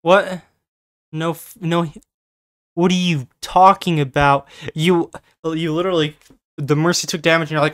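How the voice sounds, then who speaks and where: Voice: mid-range voice, fairly even intonation. Incredulous, swearing gameplay reactor. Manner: incredulous, swears often, quick bursts. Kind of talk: reaction commentary.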